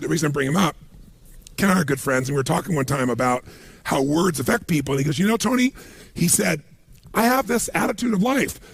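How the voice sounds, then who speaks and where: A middle-aged man speaks in a high, gravelly voice with a raspy, husky edge. He gives a motivational seminar talk, telling stories with lots of animation. The sound is close and dry. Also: dry recording. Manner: animated storytelling, acts out quoted voices.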